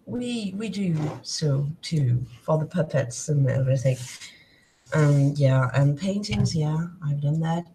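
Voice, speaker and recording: A woman's voice: low-pitched, animated, takes it slowly, crowd noise, rough recording. A woman from France with a French accent, chatting casually as co-host and laughing often. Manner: laughs often, short replies. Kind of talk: casual chat.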